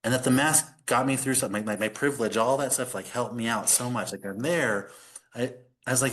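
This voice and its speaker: A man's voice: mid-range voice, brisk, fairly bright tone. A middle-aged man, a podcast guest, telling a personal story in earnest conversation, with many fillers.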